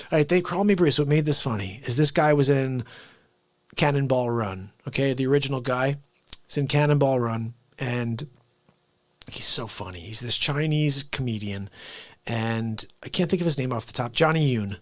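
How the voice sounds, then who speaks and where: A man hosting a casual livestream, telling movie stories excitedly, laughing often and acting out lines. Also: mid-range voice, moderate pace, no room sound. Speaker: livestream host.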